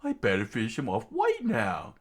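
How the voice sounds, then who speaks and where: A man's voice: medium pitch, wildly swooping pitch, normal speed, breathy edge. A man voicing a cruel fishman pirate captain, mocking and gloating, while reading a manga aloud.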